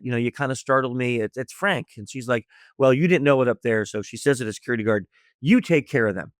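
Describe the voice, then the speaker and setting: A man from the United States, a podcast guest, telling a story with lively energy and acting out each character's lines. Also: mid-range voice, no echo, studio quality. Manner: lively storyteller acting out dialogue, laughs often. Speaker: guest, social engineer. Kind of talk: animated storytelling in a podcast interview.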